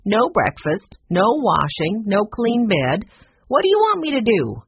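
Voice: medium pitch, moderate pace, slightly rough, no echo, muffled recording. A narrator voicing Maggie, a worried, fussing housekeeper woman, pleading and exasperated, in a read-aloud storybook.

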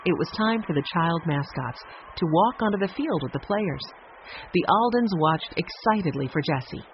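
An audiobook narrator reading a children's story in a scripted, expressive style, switching voices for the characters. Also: medium pitch, normal speed, muffled recording, a little hiss or hum.

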